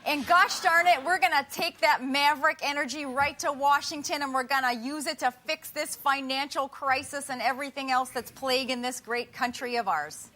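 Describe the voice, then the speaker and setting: An actress playing a folksy, chirpy woman candidate in a sketch comedy debate parody, with a folksy Alaskan-style American accent and drawn-out vowels. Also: sits high, bright, forceful tone, slight background noise.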